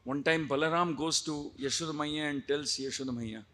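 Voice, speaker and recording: A man, a preacher giving an animated devotional storytelling lecture. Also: a little high, fairly quick.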